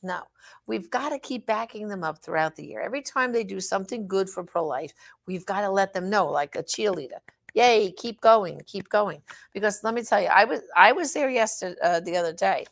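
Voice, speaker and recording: A middle-aged woman speaks straight to her audience in an urgent, exhortative advocacy talk. Her voice carries a gravelly, fry-laden edge. She presses her points hard and leans on fillers and restarts. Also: medium pitch, animated, a little fast, a bit bright. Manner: emphatic and exhortative, frequent fillers. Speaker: pro-life advocate. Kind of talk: direct address advocacy talk.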